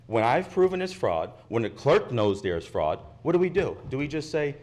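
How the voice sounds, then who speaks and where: Man, public commenter, indignant, insistent, very lively pitch, podium mic in a meeting chamber. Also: normal speed. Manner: indignant, insistent, repeats his points. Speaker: resident speaking at public comment. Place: county commission meeting chamber.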